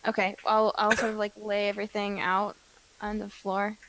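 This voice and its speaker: A woman voicing a puzzled starship lieutenant in a tabletop role-play game, asking quick questions. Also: medium pitch, flat delivery, close to an everyday voice. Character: young female starship lieutenant, puzzled and eager. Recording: noisy recording with clicks.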